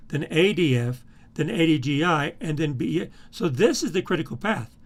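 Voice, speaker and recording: A middle-aged man lecturing over a screen recording, pausing with "uh" and repeating words as he clicks through files. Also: a little high, lively intonation. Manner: halting, repeats words and fills with uh while navigating files. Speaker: instructor.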